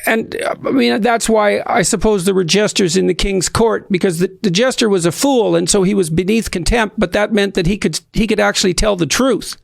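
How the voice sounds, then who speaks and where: A man interviewing his guest, speaking thoughtfully in a measured, halting way with frequent restarts. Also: sits high, vocal fry, dry recording. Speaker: interviewer, psychology professor.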